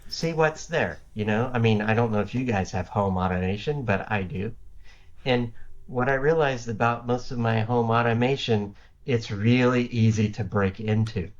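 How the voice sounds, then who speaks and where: A man's voice: on the low side, fairly even intonation, normal speed. A man speaking as a guest in a casual interview, rambling with many restarts and fillers. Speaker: guest cybersecurity architect. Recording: lo-fi remote audio.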